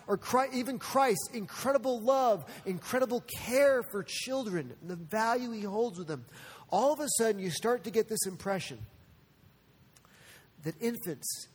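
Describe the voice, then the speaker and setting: Pastor, male, high voice, earnest sermon delivery, long hall reverb. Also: moderate pace, breathy edge. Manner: earnest, shifts between soft and animated.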